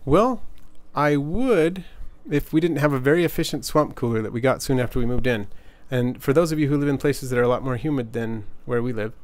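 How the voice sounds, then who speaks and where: A man's voice: medium pitch, a little fast, few pauses, darkish tone. A man in his forties, casually chatting with viewers as livestream co-host at home, rambling and reading chat aloud. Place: home, desert region.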